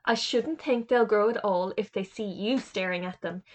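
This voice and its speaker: A woman's voice: mid-range voice, normal speed, close to an everyday voice. A woman reading aloud, voicing a rude, sneering schoolboy in a storybook. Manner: sneering, insolent.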